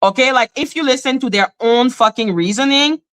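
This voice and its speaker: A woman's voice: high-pitched, brisk, fairly bright tone. A woman hosting a live stream, ranting with indignation in blunt, profane talk and repeating her points over and over. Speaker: livestream host. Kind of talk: heated live commentary. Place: in Canada.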